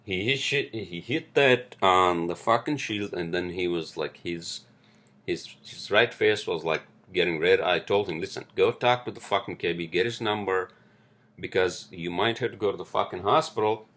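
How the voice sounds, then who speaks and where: A man's voice: low voice, moderate pace, a bit bright. A New man hosting a casual solo podcast, rambling with lots of fillers, frequent swearing and "right?" tags. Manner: rambling, swears often, many fillers and tag questions. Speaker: podcast host.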